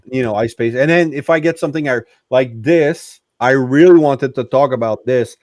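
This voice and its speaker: A man's voice: mid-range voice, normal speed, darkish tone, no echo. Man, casual chat, rambling, chatty, laughs often, dry sound. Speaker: guest reviewer.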